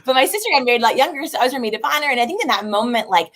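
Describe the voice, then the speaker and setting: A middle-aged woman, a guest on a talk show, telling family stories in a bubbly, fast, chatty way full of fillers and laughs. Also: high-pitched, animated, fairly bright tone. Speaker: guest, marketing expert and author. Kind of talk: casual storytelling chat.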